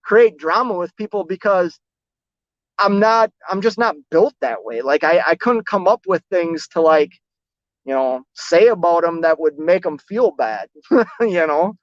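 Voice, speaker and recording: A relaxed man rambles through viewer comments on his trucking stream, joking at his own expense. The sound is dull and lo-fi, and it is dry and close with no room echo. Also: high-pitched, unhurried. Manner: rambling, easygoing, self-deprecating, many "like"s. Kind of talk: casual live-stream chat reading comments.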